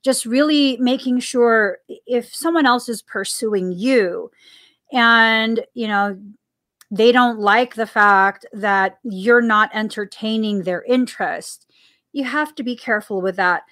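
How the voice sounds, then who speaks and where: A woman hosts a spiritual podcast in a slightly high voice, speaking slowly and earnestly. She circles back on key phrases, repeating them for emphasis in a casual, conversational way. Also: a bit bright. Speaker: podcast host. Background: coffee sips between remarks.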